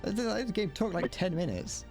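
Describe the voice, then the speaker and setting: A man's voice: sits high, sing-song, moderate pace, creaky, a little mellow, soft background music. A young man streaming a shooter game, chatting casually and joking at length. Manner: rambling, joking, often laughing at himself. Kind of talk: casual gameplay commentary. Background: gunfire and explosions from the game.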